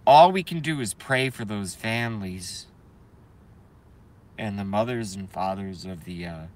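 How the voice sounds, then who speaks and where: A man's voice: lowish voice, measured pace, slight background noise. A man hosting a live stream, ranting heatedly and emphatically and repeating his phrases for effect. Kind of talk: impassioned live-stream rant.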